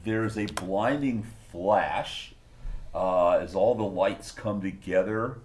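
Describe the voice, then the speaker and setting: A man narrating a tabletop game as game master, animated, with spoken sound effects. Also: deep voice, slow. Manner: animated, laughing often, sound effects like "blam".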